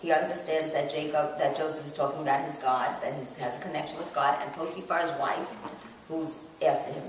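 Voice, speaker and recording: A woman's voice: low voice, steady tone, fairly quick, noisy background. A woman teaching an informal Torah class to a group of women, chatty and conversational, often asking the room if they follow her, recorded in an echoey room from a distance. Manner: chatty, asks the group questions, frequent "you know". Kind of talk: informal religious class talk.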